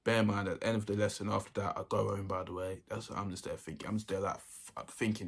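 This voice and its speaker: A man's voice: fairly low pitch, fairly even intonation, fast talker, gravelly, slightly rough. A young man, telling a story in a casual, rambling way that keeps repeating itself. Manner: rambling, repeats himself often. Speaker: vlogger.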